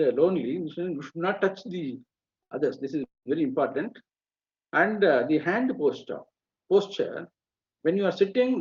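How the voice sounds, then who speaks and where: In muffled webinar audio, a middle-aged Vedic chanting teacher with an Indian accent lectures on chanting rules. His fairly high, slightly rough voice halts often, full of fillers, and he breaks into sample chants mid-sentence.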